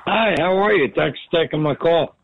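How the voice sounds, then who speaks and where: A man's voice: fairly high pitch, moderate pace, gravelly, dry recording. A man calling in to a radio show, polite and a little unsure, over a dull line. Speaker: caller. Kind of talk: phone-in chat.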